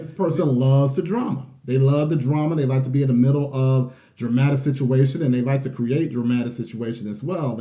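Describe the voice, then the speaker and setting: A man's voice: mid-range voice, warm tone. A man talking through a collective tarot reading in a loose, conversational way, tagging many sentences with "okay?" and "you know". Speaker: tarot reader.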